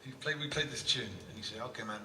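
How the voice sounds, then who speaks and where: A man performing on stage, telling halting, chuckling anecdotes between songs. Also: mid-range voice, heavy background noise. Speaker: performing musician. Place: live concert stage. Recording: echoey live hall from far off with music.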